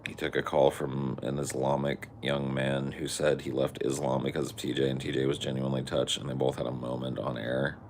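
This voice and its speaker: A man's voice: very deep voice, level tone, brisk, creaky, few pauses, a little mellow, slight background noise. A man co-hosting a podcast in casual chat, crude and joking with frequent swearing. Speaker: podcast co-host.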